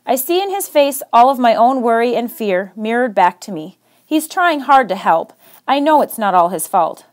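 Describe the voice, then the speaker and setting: High-voiced woman reading a story aloud. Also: expressive, normal speed. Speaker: reader on a radio book show. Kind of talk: reading a children's novel aloud.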